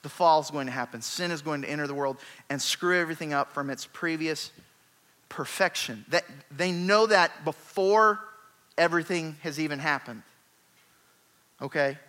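A man preaching a sermon, retelling scripture in a lively, conversational way with emphatic rises. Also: fairly high pitch.

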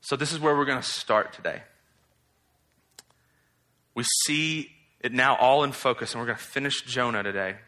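Bright-voiced animated male preacher. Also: mid-range voice, moderate pace, pauses often. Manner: animated, mocks in exaggerated voices while quoting. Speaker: pastor. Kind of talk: sermon.

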